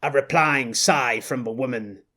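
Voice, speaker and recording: A man reading an audiobook as narrator in a measured, intense style. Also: mid-range voice, pushed and bright.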